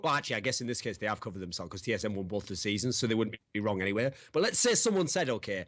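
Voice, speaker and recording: A man's voice: fairly low pitch, animated, racing, few pauses, a bit bright. A man co-hosting an esports podcast, long-winded and arguing through elaborate analogies. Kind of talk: casual chat.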